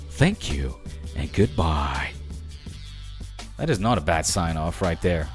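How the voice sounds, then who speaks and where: A man's voice: deep voice, very animated, slow pace, pauses often, soft background music. A man hosting a podcast, wrapping up in a playful, rambling, upbeat way. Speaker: podcast host. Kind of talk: casual podcast sign-off.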